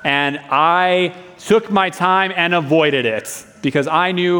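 A man's voice: high-pitched, takes it slowly, hardly any pauses, bright, forceful tone. A young man preaching a sermon in a church, telling a personal story in an earnest, conversational way. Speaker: pastor. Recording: long reverb of a hall.

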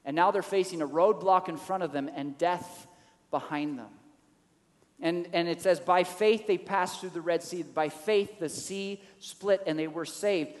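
Guy preaching a sermon, kinda high voice, gets loud and animated, echoey hall. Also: unhurried. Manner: animated preaching, acts out quoted lines with rising pitch. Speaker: pastor.

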